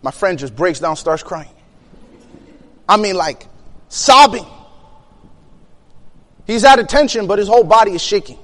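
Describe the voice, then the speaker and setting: A young man telling a personal story in an animated way, acting out the quotes and laughing between lines. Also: high voice, a little slow, long pauses, big-room sound. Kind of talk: storytelling talk.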